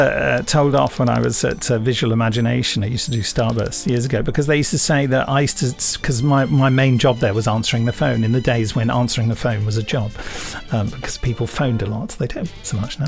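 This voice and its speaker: A man's voice: mid-range voice, vocal fry. A man from England hosting a podcast in casual chat, rambling and self-mocking with lots of fillers. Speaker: podcast host.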